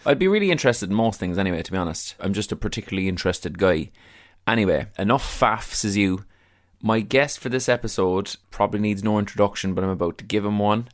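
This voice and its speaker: An Irish man hosting a podcast, talking in a loose, self-mocking ramble with plenty of swearing. His voice sits a little on the low side. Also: expressive, quick pace. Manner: chatty, self-deprecating, swears freely. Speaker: podcast host. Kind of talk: casual podcast intro and interview.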